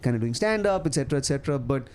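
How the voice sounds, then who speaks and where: A man with an Indian accent, a comedian chatting as a podcast guest, animated and quick to laugh. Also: mid-range voice, clean tone. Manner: animated storyteller, laughs often, many restarts. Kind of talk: casual podcast chat.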